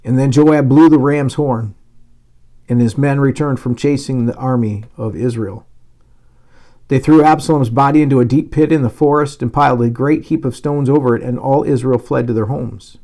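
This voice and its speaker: A male pastor reading a Bible passage aloud, giving the dialogue lively emphasis, with occasional slips and restarts. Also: medium pitch, moderate pace.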